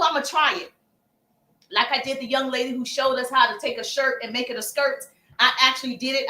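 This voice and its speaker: Chatty high-voiced woman hosting a live stream. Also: sharp tone, echoey room. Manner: chatty, calls viewers baby, acts out sample messages. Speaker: livestream host and sales coach. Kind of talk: casual livestream coaching.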